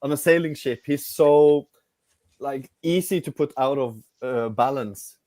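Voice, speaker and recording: A man's voice: mid-range voice, measured pace, dark tone, no echo. A man with a Norwegian accent, a native Norwegian speaker chatting casually as a guest on a fan show, laughing and restarting his words. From Norway. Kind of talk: casual chat.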